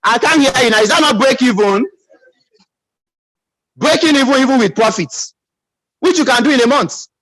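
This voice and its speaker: A man's voice: extremely high pitch, normal speed, long pauses, fairly bright tone, no echo, rough recording. A man with a Nigerian English accent giving an emphatic motivational pep talk as a business team leader, calling out for audience responses.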